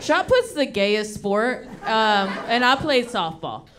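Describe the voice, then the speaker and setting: A stand-up comedian from Texas, delivering a live set in a drawling, unhurried way and laughing between lines. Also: female voice, a little high, big pitch swings, a loud crowd. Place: live comedy show venue. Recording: loud live audience laughter and noise.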